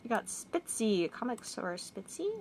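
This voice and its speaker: A woman's voice: fairly high pitch, sing-song, unhurried, darkish tone, a little hiss or hum. A woman hosting a casual game walkthrough, chatty and often giggling as she talks. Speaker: gaming channel host.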